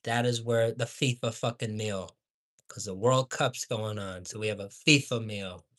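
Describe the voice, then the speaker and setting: A man ranting with heavy swearing as a fast food commentator, swinging between heated shouts and low mutters.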